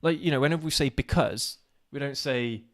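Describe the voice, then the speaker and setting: Halting man searching for words. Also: mid-range voice. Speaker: co-host of a live show. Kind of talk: casual live-stream chat.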